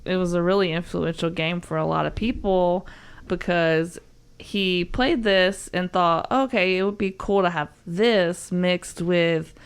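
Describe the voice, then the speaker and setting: A woman's voice: on the low side, unhurried, clear, resonant tone. A young woman with a Southern US accent, chatting as a podcast co-host, rambling with fillers and frequent giggles. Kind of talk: casual podcast chat.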